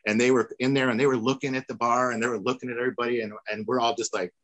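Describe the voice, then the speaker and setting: A man's voice: medium pitch, little pitch movement, racing, fairly bright tone, dry recording, poor audio. Man telling a rambling tour story. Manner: rambling, acts out quoted voices. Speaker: tour manager guest. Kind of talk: casual storytelling.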